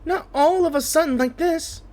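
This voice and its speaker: A gamer reading a game's dialogue aloud, voicing a small excitable female companion in a high, childlike put-on voice. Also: normal speed. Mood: pleading. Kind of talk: voicing a game character's lines.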